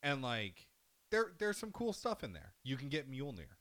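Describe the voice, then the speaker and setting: Bright-voiced man retelling a game, animated. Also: mid-range voice, normal speed. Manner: animated storytelling with profanity, acting out characters. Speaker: podcast co-host. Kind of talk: casual chat about a video game.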